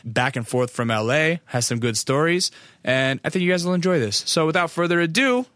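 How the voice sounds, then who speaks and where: A man's voice: on the high side, lively intonation, fairly quick, fairly bright tone, no room sound, clean studio sound. A young American man hosting a podcast, talking casually and rambling with lots of fillers and swearing. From United States. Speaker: podcast host.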